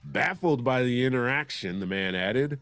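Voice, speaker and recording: Animated and a bit bright, a mid-range male voice moves at normal speed with no room sound. He's the host of a comedy news show, reading oddball stories and cutting in with sarcastic, wisecracking asides.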